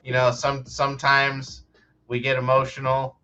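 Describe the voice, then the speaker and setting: A man's voice: medium pitch, completely flat delivery, a little slow, pushed and bright, highs cut off, slight background noise. A man appearing as a stream guest in casual chat, easygoing and profane. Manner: easygoing, profane, calls people brother.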